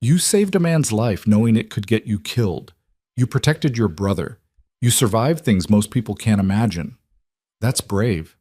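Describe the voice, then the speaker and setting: A caring young man speaks softly and gently, as a narrator takes his part. The voice is fairly low and the sound is dry and close. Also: animated, moderate pace, slightly rough, no echo. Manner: soft, gentle.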